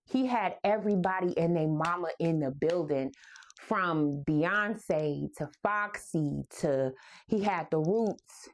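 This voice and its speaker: A woman's voice: fairly low pitch, slow, a little hiss or hum. A woman in her forties with a New York accent, hosting a casual, playful music talk and laughing often. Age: 40s. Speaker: host. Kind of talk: casual storytelling about music.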